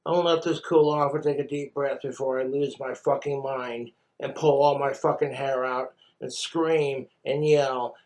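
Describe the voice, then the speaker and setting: A man's voice: mid-range voice, fairly even intonation, normal speed, hardly any pauses, darkish tone, rough recording. A man talking casually to the camera while he cooks, frustrated with himself, scolding himself and swearing a lot. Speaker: cooking vlogger. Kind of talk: casual cooking vlog.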